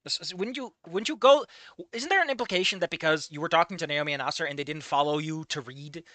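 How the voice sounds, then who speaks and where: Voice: medium pitch, fast talker, pushed and bright, dry recording. A streamer reading through a game and ranting about its writing in a profane, exasperated way. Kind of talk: game playthrough commentary.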